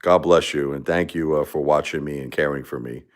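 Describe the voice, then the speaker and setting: Brief: middle-aged man, very low voice, rambling and heartfelt, hosting his own livestream. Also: fairly even intonation, a little fast. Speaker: livestream host. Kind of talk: casual livestream talk.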